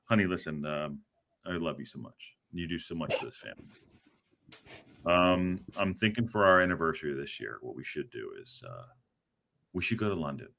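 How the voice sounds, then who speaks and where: A man putting on a hesitant, soft-spoken husband sweet-talking his wife, stumbling over his words. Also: rumbling low, big pitch swings, moderate pace, vocal fry, voice pushed down, full character voice. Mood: coaxing.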